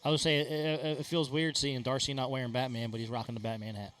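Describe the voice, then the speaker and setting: A man's voice: mid-range voice, little pitch movement, fast, fairly bright tone, faint music behind. A man with a mid-range voice adds color commentary to a live darts match. He keeps it casual and drops in joking asides about the players.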